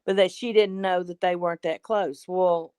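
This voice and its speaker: Woman, regular caller, casual chat, rambling, lowish voice, dry sound. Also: fairly even intonation, normal speed, a little mellow, clear, resonant tone, dry recording. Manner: rambling, trails off with "kind of thing and stuff".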